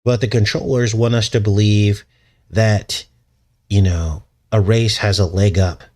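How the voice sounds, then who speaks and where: A man with a fairly low voice hosts a casual livestream. He rambles from point to point, chuckles often and speaks straight to viewers in the chat. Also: steady tone, a little slow, darkish tone. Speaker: channel host.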